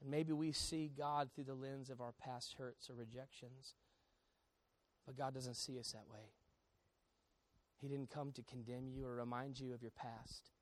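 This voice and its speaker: A man preaching a sermon as pastor, swinging between quiet confession and loud storytelling. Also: medium pitch, fairly even intonation, measured pace.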